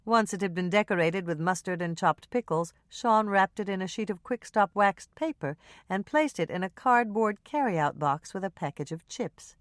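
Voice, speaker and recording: A woman narrating an audiobook in a calm, even reading style. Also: medium pitch, moderate pace, dry recording, clean studio sound. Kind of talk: scripted narration.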